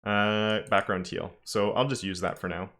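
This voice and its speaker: A man's voice: fairly low pitch, steady tone, moderate pace, fairly bright tone. A man teaching a live-streamed coding lesson, talking casually and thinking aloud with frequent self-corrections. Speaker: web development instructor.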